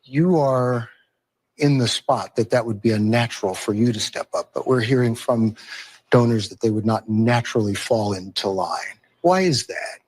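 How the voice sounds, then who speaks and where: A man's voice: medium pitch, moderate pace, a little mellow, no echo. A man interviewing for television, asking probing questions and pressing for answers. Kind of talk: TV news interview.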